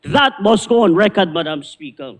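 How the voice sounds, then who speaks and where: A man's voice: high voice, sing-song, moderate pace, slight background noise. A man with a Belizean accent, a member of parliament giving an indignant, combative debate speech. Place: parliament chamber. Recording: long reverb of a large chamber.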